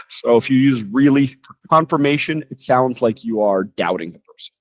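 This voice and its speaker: A man teaching a casual English lesson, explaining with jokes and lively asides. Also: medium pitch, normal speed, no room sound. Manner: lively, joking, animated explanations.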